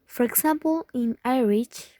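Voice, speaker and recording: A woman's voice: a little high, dark tone, no echo. A woman reading a presentation on accents, repeating each example word in turn. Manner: very slow, repeating example words.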